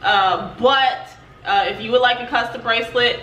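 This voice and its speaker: A woman's voice: a little high, moderate pace, fairly bright tone, lo-fi sound. A young adult woman hosting her own channel in a chatty, loose way, with lots of filler words. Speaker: channel host. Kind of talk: casual vlog chat. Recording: roomy, distant mic, faint noise.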